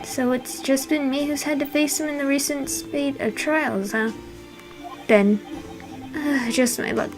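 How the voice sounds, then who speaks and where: A woman's voice: high voice, fairly even intonation, measured pace, music in the background. A woman voicing an earnest, easily flustered young male lawyer who asks puzzled questions.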